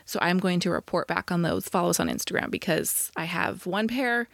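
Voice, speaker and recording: A woman co-hosting a podcast in casual chat, calm and supportive, giving practical advice. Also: lowish voice, brisk, creaky, dry recording, studio quality. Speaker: podcast co-host.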